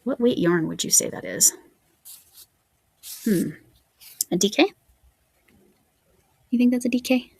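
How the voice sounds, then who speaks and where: Gravelly-voiced woman chatting about yarn. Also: on the high side, lively intonation, measured pace, long pauses, no room sound. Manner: chatty, musing aloud while reading yarn labels. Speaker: crochet vlogger. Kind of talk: casual show-and-tell chat.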